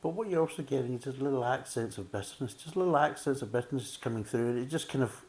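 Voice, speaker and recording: A man's voice: medium pitch, quick pace, darkish tone. A man giving a casual, methodical beer tasting review, full of "kind of" fillers.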